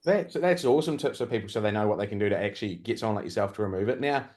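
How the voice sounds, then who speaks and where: A man's voice: fairly low pitch, racing, a little mellow. A male host asking rambling, stacked-up questions in a casual interview. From Australia.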